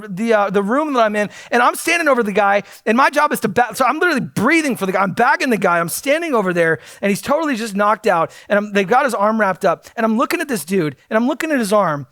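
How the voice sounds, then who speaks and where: Blunt, high-voiced preacher man, dry sound. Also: fairly bright tone, no room sound. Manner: earnest and blunt, with frequent fillers and restarts. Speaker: pastor. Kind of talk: sermon.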